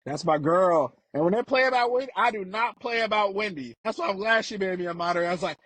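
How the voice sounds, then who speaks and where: A middle-aged man from Chicago, guest in a casual interview, telling stories animatedly and acting out quotes with big pitch jumps. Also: quick pace, hardly any pauses, fairly bright tone, no room sound.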